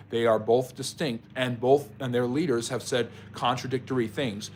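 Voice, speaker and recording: Male live-stream history host, mid-pitched voice, conversational, answers chat by name, rambling explanations full of ums and self-corrections. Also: a little hiss or hum. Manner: talks directly to chat viewers by name.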